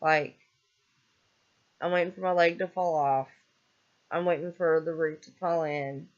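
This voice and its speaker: Casual vlog rant, angry, swearing, worn out, mid pitch, muffled lo-fi sound. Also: steady tone, measured pace. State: weary and fed up. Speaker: vlogger. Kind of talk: casual venting monologue. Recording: dull lo-fi recording.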